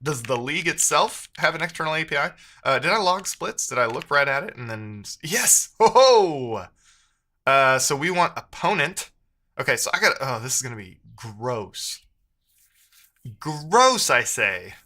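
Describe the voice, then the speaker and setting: A man's voice: a little high, expressive, a little fast, pushed and bright. A man streaming live as a programmer, thinking aloud while he codes and chatting with viewers, muttering to himself with playful asides.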